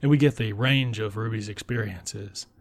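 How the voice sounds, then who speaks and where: A man with a fairly low voice walks through a film's plot in a casual recap. He talks bluntly and swears freely, and now and then he drops into a breathy whisper for an aside. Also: moderate pace. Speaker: film reviewer. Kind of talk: casual film recap commentary.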